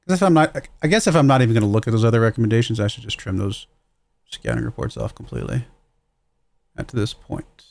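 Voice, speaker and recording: Gravelly-voiced man musing over a game. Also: mid-range voice, very animated, quick pace, a little mellow. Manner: musing aloud, self-deprecating, chuckles at own mistakes. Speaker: streamer playing a football management game. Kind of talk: casual livestream commentary.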